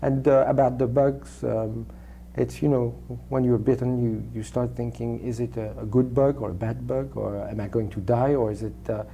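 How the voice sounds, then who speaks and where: A male actor, a native French speaker raised in Switzerland with a French accent, answers interview questions haltingly, with many restarts and fillers. His mid-range voice is steady, mellow and marked by vocal fry, with slight background noise.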